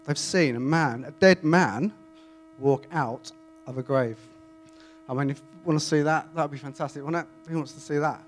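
A man reading scripture aloud and then preaching in a chatty, animated way to a congregation. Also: on the high side, normal speed. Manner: conversational, animated, self-interrupting. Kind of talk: Bible reading and informal sermon. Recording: faint mains hum.

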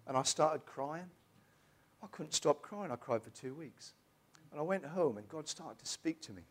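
A middle-aged man, telling his personal testimony in a church in an emotional, halting way with many restarts. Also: on the high side, expressive. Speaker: church member giving testimony.

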